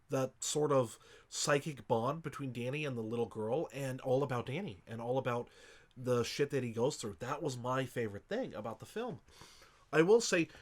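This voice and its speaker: A man co-hosting a casual movie review podcast. He rambles with passion, swears often and gets emotional. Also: medium pitch. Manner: emotional, chokes up. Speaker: podcast co-host.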